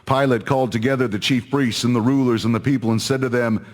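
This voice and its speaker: A man giving a measured, solemn, dramatic scripture reading. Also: medium pitch, fairly even intonation. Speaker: scripture reader.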